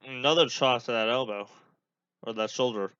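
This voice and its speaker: A man in his usual mid-range voice gives offhand, relaxed running commentary as a podcast host. The recording sounds muffled and dry, as if the highs were dulled and there is no room echo. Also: moderate pace, smooth. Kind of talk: casual live commentary while watching a match.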